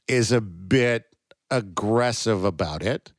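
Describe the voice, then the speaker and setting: A man with a fairly low voice co-hosts a podcast in a relaxed, casual way, talking through a novel. The sound is close and dry, with no room around it. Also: slow, dry recording. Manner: reads aloud, raising his pitch for quoted lines. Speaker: podcast co-host. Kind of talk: casual book discussion with a dramatic reading.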